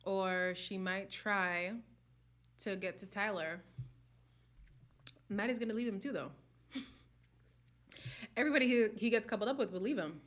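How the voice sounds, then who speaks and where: A woman's voice: medium pitch, unhurried, pauses often, a bit bright. A young woman hosting a live stream, chatting casually and candidly with viewers and laughing often. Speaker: host of a live reality-show chat stream.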